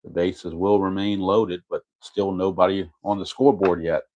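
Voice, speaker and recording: A man's voice: sits low, little pitch movement, normal speed, darkish tone, muffled recording. A man narrating his tabletop baseball game replay in a casual play-by-play, methodically reading out dice rolls and chart results and correcting himself as he goes.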